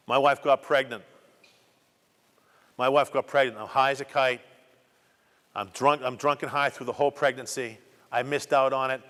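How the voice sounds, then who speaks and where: A middle-aged man shares a personal testimony with students in a community program hall, stressing his story through repeated phrases. His voice is mid-range and a bit bright, carrying long hall reverb.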